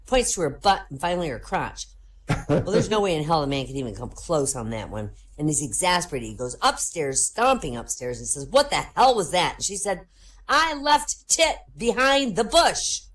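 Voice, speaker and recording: A woman's voice: low voice, fairly quick. A woman hosting a comedy show, telling jokes and giving the characters their own voices. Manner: lively joke-telling, voices characters in quotes.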